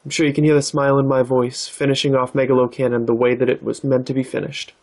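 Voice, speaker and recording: A man hosting his own card-opening vlog, talking in a relaxed, thoughtful way with plenty of "uh"s and "um"s. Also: mid-range voice, fast. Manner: relaxed, thoughtful, with many fillers. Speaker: card-opening channel host. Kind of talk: casual vlog narration.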